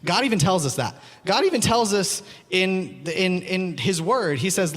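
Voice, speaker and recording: A man's voice: high voice, big pitch swings, moderate pace, few pauses, a bit bright. A man preaching a sermon, earnest and pleading, repeating his phrases; he also teaches school. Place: church hall. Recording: long hall reverb.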